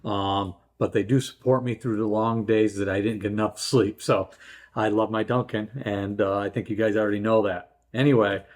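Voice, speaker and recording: A man's voice: fairly low pitch, steady tone, moderate pace. A middle-aged man hosting a story channel, chatting casually and rambling with many fillers and restarts. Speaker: host. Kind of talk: casual chat.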